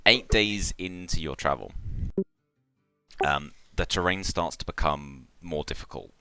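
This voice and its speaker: Very deep-voiced man narrating as game master. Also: unhurried, clean tone, no echo, faint music behind. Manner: relaxed, descriptive narration with frequent fillers. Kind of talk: narrating a tabletop role-playing game.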